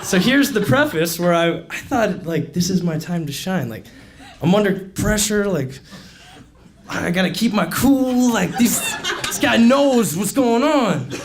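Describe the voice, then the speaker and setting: Animated young man telling a story. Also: sits high, a little slow, crowd noise. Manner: animated, laughing often, heavy use of "like". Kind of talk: live comic storytelling. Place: stage at a live storytelling event. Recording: noisy live event recording.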